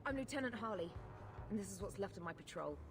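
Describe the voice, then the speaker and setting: A woman's voice: mid-range voice, lively intonation, fast, over music, natural voice. An actress playing a weary female guard lieutenant in a video game, giving blunt, urgent orders. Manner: blunt, urgent military briefing. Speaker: game character. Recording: game audio with background noise.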